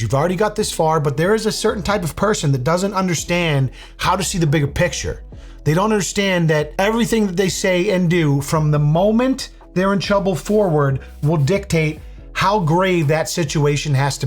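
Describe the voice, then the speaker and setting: A man's voice: fairly high pitch, normal speed, soft background music. A man giving blunt, sarcastic reaction commentary over a video, swearing freely. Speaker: commentary YouTuber.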